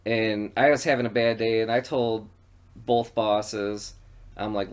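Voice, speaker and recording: A podcast co-host from western New York tells stories in a loose, cursing, animated way. His voice sits a little low for a man. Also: moderate pace. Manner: profane, animated storyteller. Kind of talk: casual storytelling chat.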